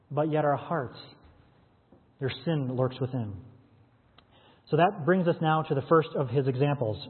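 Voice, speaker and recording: A male pastor preaches through a run of scripture verses, pausing to ask his listeners pointed questions. His voice sits a little high and sounds husky. The recording is thin and phone-like, with a long echo from a large hall. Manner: expository preaching, quoting and explaining scripture with rhetorical questions. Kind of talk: sermon.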